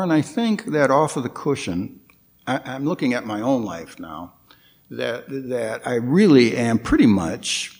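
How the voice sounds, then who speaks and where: A man giving a guest dharma talk at a Buddhist temple, speaking reflectively and haltingly, with frequent fillers and restarts, and putting questions to his listeners. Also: medium pitch, darkish tone. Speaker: guest meditation teacher.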